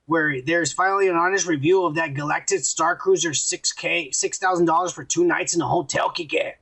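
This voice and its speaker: Podcast co-host, male, fairly high raspy voice with fry, loose and profane. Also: a little fast, a bit bright. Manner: swears a lot, reads viewer comments aloud. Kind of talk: casual drunk podcast banter.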